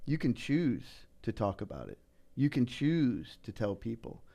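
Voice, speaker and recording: A middle-aged man telling personal stories in a casual podcast chat, earnest and animated, often saying "man" and "you know". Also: mid-range voice, measured pace, creaky. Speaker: political candidate guest.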